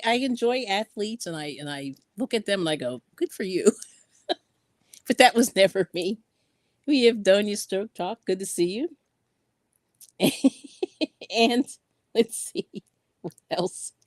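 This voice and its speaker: A woman's voice: medium pitch, expressive, a little slow, long pauses, no room sound, clean studio sound. A woman hosting a casual craft live stream, chatting and laughing often as she reads out viewer comments while sewing in yarn ends.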